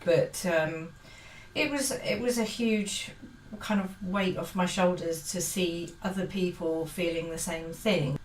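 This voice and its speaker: A woman's voice: on the low side, distant mic. A woman giving a casual, earnest book-review monologue, hesitant and full of fillers and restarts. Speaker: book vlogger. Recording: roomy echo, set back from the mic, faint hiss.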